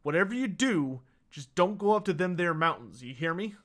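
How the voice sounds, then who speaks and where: A man voicing a wary, world-weary male informant who gives low, conspiratorial warnings. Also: expressive, normal speed, fairly bright tone.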